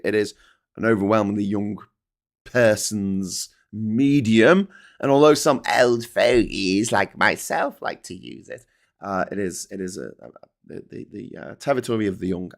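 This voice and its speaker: A middle-aged Scouse host with a medium-pitched voice runs a casual live news chat. He reads viewer comments aloud and rants bluntly, swearing plenty.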